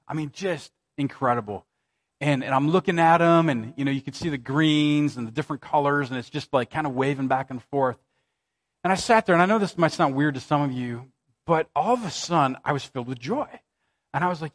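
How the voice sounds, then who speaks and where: A man in his thirties, a pastor, preaching a sermon with dramatic scripture reading and lively, conversational storytelling. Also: a little high. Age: 30s.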